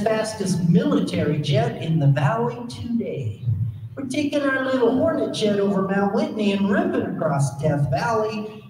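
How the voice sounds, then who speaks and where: A man who used to fly military jets tells a story live to an audience, with dramatic pauses and put-on radio voices. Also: high voice. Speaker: former military pilot telling a story. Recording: echoey hall, distant mic, audible noise.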